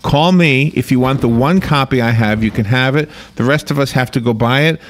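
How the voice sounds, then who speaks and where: A man's voice: medium pitch, a little fast. A man hosting a radio interview, asking questions in a friendly, conversational way. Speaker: radio host.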